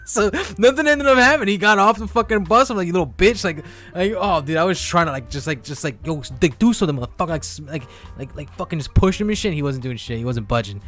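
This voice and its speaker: Animated, profane young man telling stories. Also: a little high, quick pace, hardly any pauses, soft background music. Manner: profane, animated storytelling with many fillers. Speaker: podcast co-host. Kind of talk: casual chat, storytelling.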